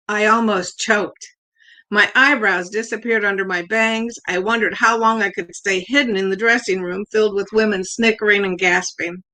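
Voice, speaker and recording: A woman's voice: mid-range voice, steady tone, normal speed, sharp tone, low-quality recording. An older woman reading her own humorous family story aloud, acting out the quoted lines as she goes. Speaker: contest winner reading her piece.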